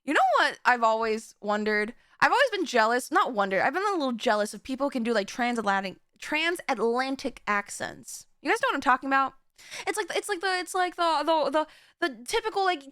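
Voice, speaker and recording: Woman streamer, high bright voice, giggly, rambles and trips over her words. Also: expressive, normal speed, no echo, clean studio sound. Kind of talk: casual live-stream chat.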